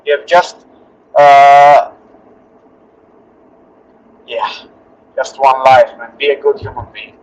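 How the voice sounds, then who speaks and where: A male fighter answering interview questions earnestly in halting, restarting English. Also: mid-range voice, steady tone, slight background noise. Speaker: UFC fighter being interviewed. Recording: slightly dull lo-fi audio.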